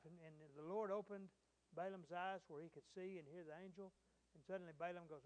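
A man's voice: high-pitched, fairly even intonation, brisk, rough recording. A man preaching a sermon, retelling a scripture story in a conversational way with frequent fillers and restarts.

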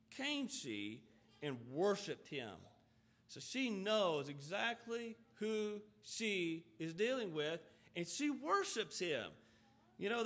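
A man with a high, bright, forceful voice preaches a sermon. He reads scripture aloud, then explains it earnestly in plain talk, firing off runs of rhetorical questions.

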